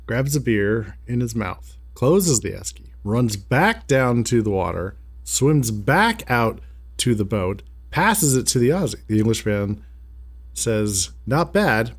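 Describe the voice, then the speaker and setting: A man streaming a puzzle game live, chatting casually and reading viewer jokes aloud. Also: medium pitch. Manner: reads chat jokes aloud, slow and musing. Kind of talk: casual live-stream chat while gaming.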